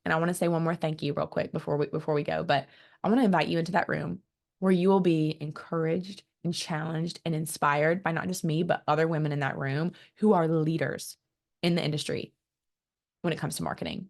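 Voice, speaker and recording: A woman marketing coach giving an energetic motivational business talk, speaking straight to her audience and often restarting her words. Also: deep voice, a little fast, gravelly. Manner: energetic and emphatic, acts out quoted voices; repeats words when restarting, direct to the audience.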